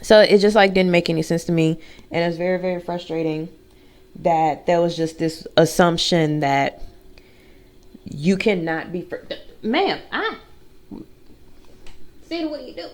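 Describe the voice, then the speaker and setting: A woman's voice: on the low side, steady tone, moderate pace, a little mellow. A woman in casual chat, candid and talkative. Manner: chatty, candid, talks to her dog mid-story. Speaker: vlogger.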